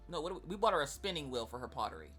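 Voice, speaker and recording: Bright, lively, giggly woman streamer. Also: sits low, rapid-fire, faint music behind. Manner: giggly and bantering. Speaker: streamer and host. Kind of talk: casual chat while crocheting on a live stream. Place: home. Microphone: desk microphone.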